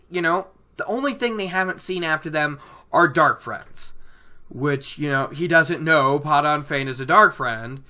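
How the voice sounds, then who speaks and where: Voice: mid-range voice, sharp tone. A podcast host recapping a book chapter in a chatty way, with many "you know"s.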